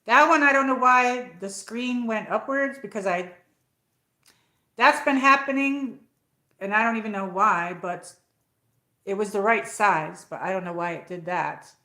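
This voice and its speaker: A woman's voice: medium pitch, a little slow, pushed and bright, reverberant. A woman with an upstate New York accent hosting a rambling, casual live chat and reading out viewer comments. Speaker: livestream host.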